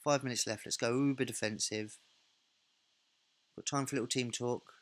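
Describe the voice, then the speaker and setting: A man's voice: mid-range voice, steady tone, moderate pace. A man hosting a let's play, thinking aloud in a casual, self-correcting way while he narrates a football management game.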